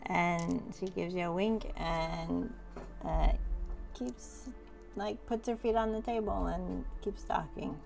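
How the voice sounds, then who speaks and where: A woman's voice: fairly low pitch, fairly even intonation, slow pace, creaky, a little mellow, faint music behind. A woman narrating as game master of a tabletop game, loose and filler-heavy.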